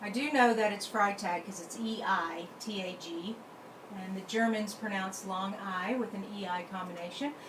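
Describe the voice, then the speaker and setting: Speaking at medium pitch and a moderate pace, this woman hosts a card-making channel and keeps up casual live stream chatter. She talks to herself while operating the computer, and the echoey room carries faint background noise.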